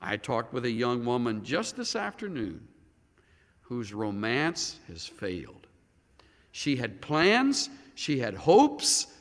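A man preaching a sermon as a pastor, dramatic, swinging between loud emphasis and hushed near-whispers. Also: mid-range voice, huge pitch swings, slow pace. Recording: long hall reverb.

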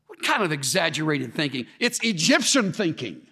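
A man preaching a sermon in an animated way, acting out the voices he quotes with sarcasm. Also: on the high side, normal speed, gravelly, husky, big-room sound.

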